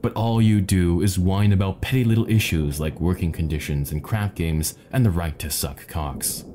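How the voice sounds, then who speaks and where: A man's voice: sits low, moderate pace, mellow, slight background noise, lightly acted. A man reading as an urgent young cabin boy. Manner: urgent, insistent.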